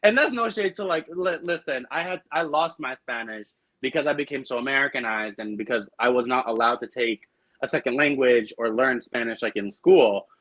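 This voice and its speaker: A man with a Boston accent, chatting casually as a podcast guest and telling animated stories full of fillers. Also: medium pitch, no echo, poor audio. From Argentina. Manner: animated, quick storytelling with lots of fillers. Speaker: drag performer guest.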